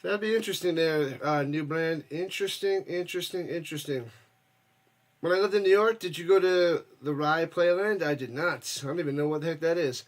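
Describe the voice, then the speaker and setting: A man with a fairly high voice hosts a live watch party stream, mixing casual play-by-play with chat. He talks loosely and jokes around, and his voice jumps up when a big play happens. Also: fairly quick. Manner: loose, jokey, reads chat, bursts up for plays.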